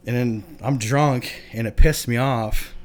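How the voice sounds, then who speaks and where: A man's voice: medium pitch, slow pace. A young adult man from Michigan casually telling a long, profane story, often laughing as he talks. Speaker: podcast guest.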